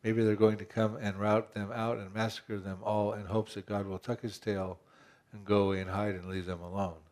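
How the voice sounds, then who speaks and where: A man's voice: lowish voice, little pitch movement, moderate pace, darkish tone. A man pastor preaching a conversational sermon, asking rhetorical questions and often restarting his phrases.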